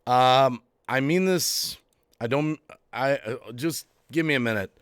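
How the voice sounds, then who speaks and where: A man hosting his own channel's live stream, agitated and worked up, repeating phrases and swinging between quiet and loud. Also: mid-range voice, unhurried, clean tone, no room sound, clean studio sound. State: agitated, heart racing. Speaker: YouTube channel host. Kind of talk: emotional live-stream rant.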